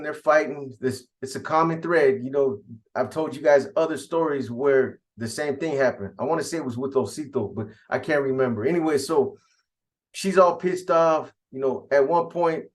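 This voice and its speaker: A man's voice: on the high side, normal speed. Slangy male storyteller. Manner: conversational, slangy, addresses the audience directly. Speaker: host. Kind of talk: casual storytelling.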